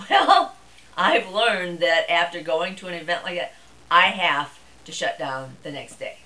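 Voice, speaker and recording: Middle-aged woman, low voice, bright and forceful tone, chatty casual vlog. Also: a little slow, low-quality recording. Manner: chatty and rambling, with fillers. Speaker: vlogger. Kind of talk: casual monologue to camera.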